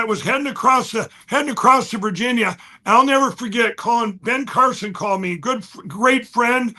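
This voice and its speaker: A high, bright-voiced man telling a story with restless energy. He restarts sentences often and swings from near shouting to hushed asides. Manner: fast, restless, repeats and restarts, swings loud and soft. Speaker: guest. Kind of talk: excited conversational storytelling.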